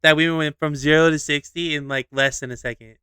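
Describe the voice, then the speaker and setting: A young man co-hosting a podcast, telling a story in a lively, casual way, swearing freely and acting out scenes. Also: a little high, a little fast, clean tone, no room sound. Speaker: podcast co-host.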